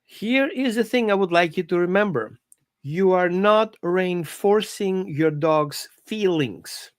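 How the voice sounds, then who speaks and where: Animated dog trainer teaching live. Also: medium pitch, slow, no echo, studio quality. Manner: animated, conversational, coaching tone. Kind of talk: informal live-stream lesson. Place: at home.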